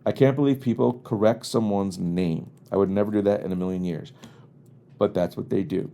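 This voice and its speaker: A man with a fairly low, mellow voice hosts his own podcast alone. He grew up on the US East Coast and tells rambling, wry stories with mock exasperation. The delivery stays casual and loose. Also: brisk, creaky. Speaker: podcast host. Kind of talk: casual comedic monologue. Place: home studio in Los Angeles.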